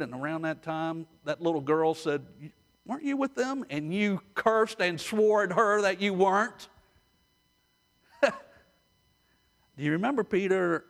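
A man preaching a sermon, retelling stories with animated, direct address to his listeners. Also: fairly high pitch, gravelly.

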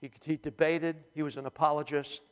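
A man's voice: on the high side, little pitch movement, a little fast, clear, resonant tone. A male pastor preaching a sermon, telling the story with animation and humor, in a church hall. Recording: long hall reverb.

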